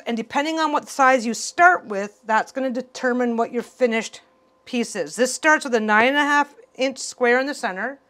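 A woman hosting a casual sewing tutorial, talking in an excitable, rambling way and often repeating herself. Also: a little high. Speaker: quilting channel host.

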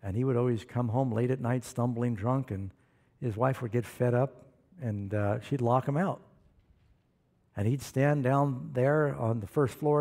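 A man preaching a sermon, animated and questioning the congregation, calling for amens. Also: medium pitch, moderate pace. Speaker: pastor.

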